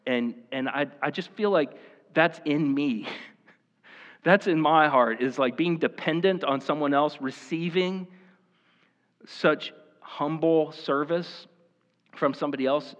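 A man's voice: on the high side, measured pace. A man preaching a casual, conversational sermon, full of "like" and "you know". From rural Iowa. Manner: casual and chatty, with many "like" and "you know" fillers. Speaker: pastor. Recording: echoey hall, slightly dull sound.

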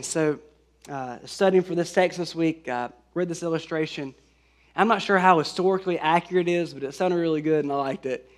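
A man delivers a sermon with a notably high-pitched voice. He speaks earnestly, stumbling over a few words and adding fillers, then lifts his voice to press home the scripture he quotes. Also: moderate pace. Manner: earnest, with fillers and restarts, rising emphasis on scripture. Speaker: pastor.

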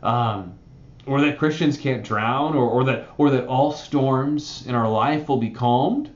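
A man's voice: mid-range voice, slow, muffled recording. Conversational male pastor in a roomy church. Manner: conversational, animated preaching with frequent "right?" asides. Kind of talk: sermon.

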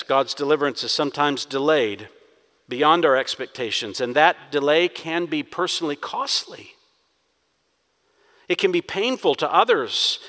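A man's voice: medium pitch, bright, forceful tone, big-room sound. A man preaching a sermon, acting out quoted prayers with rising intensity. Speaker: pastor.

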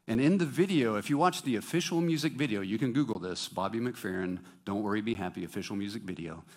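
A man preaching a sermon to his congregation, lively and joking with them, singing bits and asking the crowd questions. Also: on the low side, fast. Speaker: pastor.

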